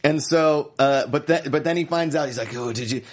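Chatty man riffing, slightly high voice. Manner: animated, jokey, does quick voices for the people he retells. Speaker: podcast co-host. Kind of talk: casual chat.

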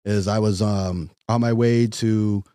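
Casual comedian with dry close sound. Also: male voice, on the low side, unhurried, dry recording. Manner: animated, acts out voices in stories, swears freely. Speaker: touring stand-up comedian guest. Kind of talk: casual storytelling chat.

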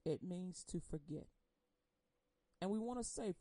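A woman giving an impassioned personal testimony on air. She speaks emotionally and bluntly, swinging between loud outbursts and hushed confession. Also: fairly low pitch, lively intonation, measured pace, no room sound, poor audio. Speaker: churchgoer sharing a personal testimony.

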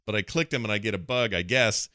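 A man co-hosting a casual gaming podcast, animated and quick to laugh. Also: on the low side, dry recording, clean studio sound. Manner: animated, laughs often, does quick voice impressions. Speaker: podcast co-host.

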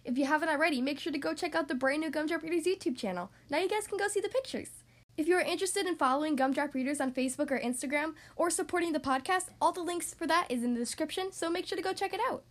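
A woman hosting a podcast, reading a picture book aloud to young children in an animated, expressive way. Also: high-pitched, fast talker. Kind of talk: children's storybook read-aloud.

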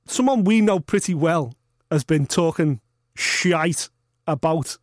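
A man hosting a podcast, ranting in animated, sweary casual chat. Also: a little high, slow, dry recording, clean studio sound. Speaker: podcast host.

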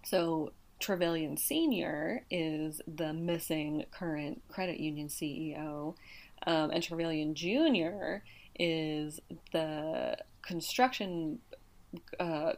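A woman co-hosting a podcast, casually summarizing a book's plot with lots of fillers and restarts, her voice a little hoarse. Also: low-pitched, takes it slowly. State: slightly hoarse. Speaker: podcast co-host. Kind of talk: casual book discussion.

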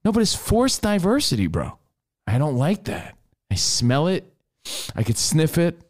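A man's voice: a little high, huge pitch swings, unhurried. A man co-hosting a casual sports talk show, laying out his opinions emphatically. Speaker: radio co-host.

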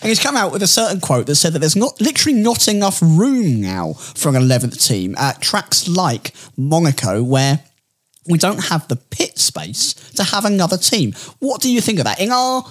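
A man co-hosting a casual podcast chat, jokey and quick to laugh. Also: a little high, sing-song. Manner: jokey, laughs often, slips into silly voices. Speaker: podcast co-host.

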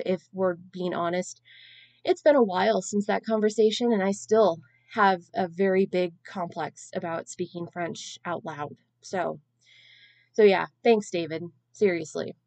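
A woman's voice: lowish voice, darkish tone, no echo. Chatty woman podcast host, dry sound. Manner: chatty, long-winded, self-deprecating. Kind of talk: casual solo podcast storytelling.

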